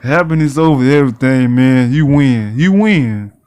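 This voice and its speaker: A man's voice: medium pitch, moderate pace, a little mellow, clear, resonant tone. A man giving casual gameplay commentary, ranting in exasperated slang and reading the game's text aloud. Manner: reads game text aloud. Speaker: gaming YouTuber.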